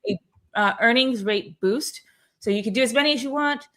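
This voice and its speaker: A woman's voice: on the high side, moderate pace, fairly bright tone. A woman hosting a weekly company call in a casual, upbeat, chatty way, with many fillers and restarts. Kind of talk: casual livestream chat.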